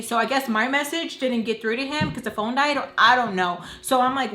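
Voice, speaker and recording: Animated young woman telling a storytime. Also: on the high side, brisk, hardly any pauses, roomy sound, a little hiss or hum. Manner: animated, slangy, dramatic retelling. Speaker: beauty vlogger. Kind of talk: storytime vlog.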